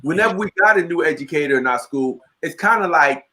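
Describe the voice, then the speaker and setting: A man hosting a talk show, speaking earnestly and reflectively, with lively quoted asides. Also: a little high, fast talker. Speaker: host. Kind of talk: casual chat.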